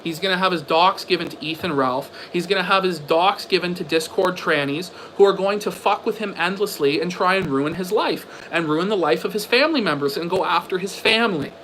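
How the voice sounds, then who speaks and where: A man's voice: high-pitched, brisk, few pauses, fairly bright tone, slight background noise, rough recording. A man ranting on a livestream: combative, sarcastic and profane, firing off repeated rhetorical questions. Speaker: livestream commentator. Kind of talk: ranting stream commentary.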